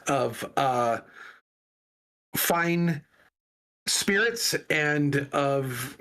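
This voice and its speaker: A man's voice: on the high side, lively intonation, drawn-out words, bright, forceful tone. A man on a casual talk show, telling a long story with many restarts and fillers. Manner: rambling storyteller with frequent restarts. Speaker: podcast co-host. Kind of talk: casual chat.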